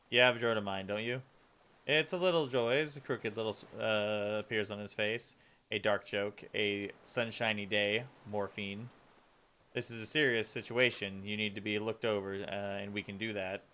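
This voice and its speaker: A tired man streaming a game, casually reading its dialogue aloud and halting over words with many fillers. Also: on the low side. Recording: game music loud behind voice. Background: game music.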